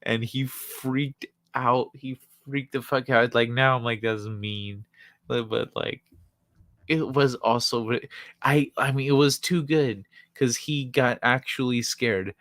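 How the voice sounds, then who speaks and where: A live-stream host spins a childhood story for the chat at a slow, unhurried pace, breaking into laughter again and again. The talk is loose and peppered with swearing. The voice sits dry and close, with no room sound around it. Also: medium pitch, steady tone, a bit bright, no room sound. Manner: laughs often, loose and profane.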